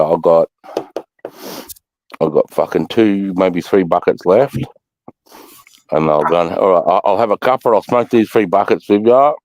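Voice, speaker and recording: A man's voice: low voice, a little mellow, dry recording, rough recording. An Australian man hosting a livestream, rambling through a casual chat with plenty of swearing. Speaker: livestream host.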